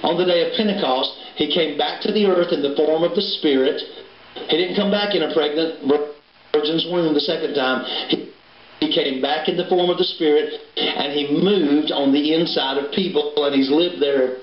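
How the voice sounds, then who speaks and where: A man's voice: on the high side, moderate pace. A man preaching a sermon, folksy and full of storytelling. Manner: folksy, storytelling preacher with a Southern turn of phrase. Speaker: pastor. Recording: roomy, dull livestream recording with hiss.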